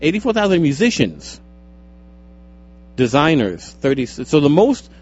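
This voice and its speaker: A man's voice: a little high, huge pitch swings, unhurried, a little mellow, dull audio. A young man co-hosting a casual radio show, joking and teasing with many stammered restarts, talking into a studio mic with headphones. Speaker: radio co-host. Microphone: studio microphone with headphones.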